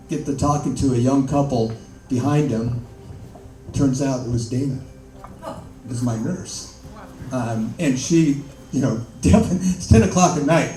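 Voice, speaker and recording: An older man, an interview guest, telling his story in a halting way with many fillers and laughs. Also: mid-range voice, mellow. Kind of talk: conversational storytelling. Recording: echoey room, mic far off, faint noise.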